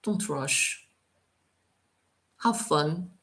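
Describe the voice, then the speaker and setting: A woman teaching French on a live stream, talking in a relaxed, chatty way full of fillers. Her voice sits low and she takes her time. She slows right down to spell out careful French examples. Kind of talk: live Q&A tutoring session.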